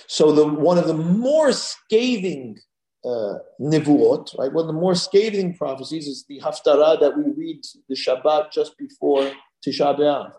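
A man giving a Torah lecture as a rabbi, animated and leaping higher when he voices God's words. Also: a little slow. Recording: echoey room.

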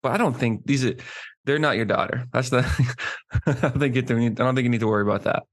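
A man's voice: medium pitch, fast talker, dry recording, studio quality. Amused, easygoing podcast co-host man. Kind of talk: casual sports podcast chat.

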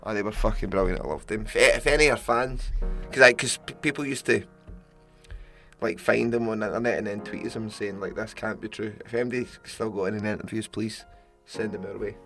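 A man's voice: fairly low pitch, a little fast, faint music behind. A man with a Scottish accent hosting a podcast in casual chat, telling stories with laughs and restarts. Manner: laughing, lively storytelling with restarts. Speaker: podcast host.

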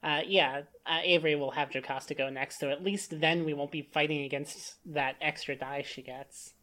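A woman's voice: low voice, fairly even intonation, moderate pace, fairly bright tone. A woman playing a tabletop role-playing game, eager and checking the rules as she goes. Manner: eager, asks rules questions, cheers at rolls. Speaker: player.

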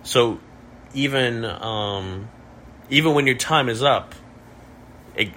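A man's voice: medium pitch, slow pace, pushed and bright, slight background noise. A young man hosting a casual podcast chat, musing in a jokey, mock-profound way. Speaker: podcast host.

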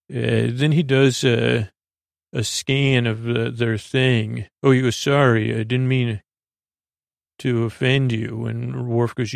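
Flat, gravelly man rambling a recap. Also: mid-range voice, no room sound, studio quality. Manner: meandering, loose retelling with many fillers and restarts. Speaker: podcast host. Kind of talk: rambling episode recap for sleep.

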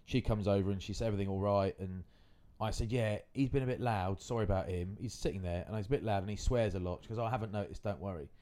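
A man's voice: on the low side, fast, few pauses, mellow. A man, hosting a podcast and telling rambling stories in casual chat. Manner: rambling anecdotal storytelling. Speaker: podcast host.

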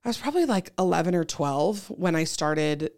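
A woman in her thirties, a podcast guest, telling stories in a chatty, animated way with lots of fillers. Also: on the low side, moderate pace. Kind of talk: casual chat.

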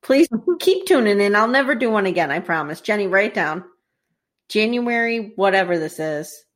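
Animated woman podcast co-host. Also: medium pitch, moderate pace. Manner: animated, acts out scenes with voices and laughs. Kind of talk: casual chat recapping a TV series.

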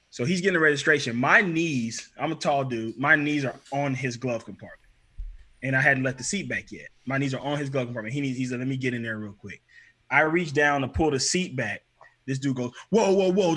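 Bright-voiced man telling a story. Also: mid-range voice. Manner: animated, acts out quoted people. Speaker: podcast guest. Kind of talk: casual storytelling.

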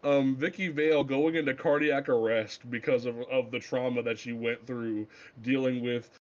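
A man co-hosting a casual comic book podcast, animated and swearing freely as he recaps scenes. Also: moderate pace, lo-fi sound. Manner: animated, swears freely, acts out quotes in a low voice. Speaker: podcast co-host.

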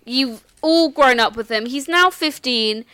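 A woman acting as game master, calmly explaining the characters and rules of a tabletop game with some restarts. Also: high voice, unhurried, clear, resonant tone, dry recording.

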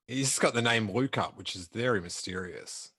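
A man's voice: lowish voice, fairly bright tone, slightly rough, no room sound. A man hosting a podcast, chatting and teasing his guest with dry chuckles. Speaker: podcast host. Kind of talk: casual chat.

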